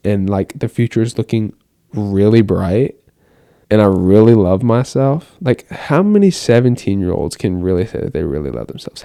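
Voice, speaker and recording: A teenage boy muses aloud in a late-night bedroom vlog, his voice mellow and on the low side. He rambles earnestly, leaning on "like" as he goes. The sound is close and dry, with no room echo. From United States. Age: teens. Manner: rambling, earnest, many "like" fillers. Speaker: vlogger. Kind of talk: late-night reflective monologue. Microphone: camera.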